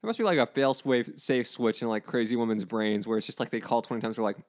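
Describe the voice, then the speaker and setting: A man chatting casually on a podcast as guest co-host, telling stories in a dry, deadpan way. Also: mid-range voice, fast.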